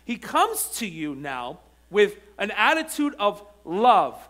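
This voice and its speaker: A man's voice: sits high, huge pitch swings, takes it slowly, a bit bright. A male pastor preaching a sermon in church, moving between chatty storytelling full of restarts and emphatic, repeated lines. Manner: conversational storytelling with frequent restarts. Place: church sanctuary.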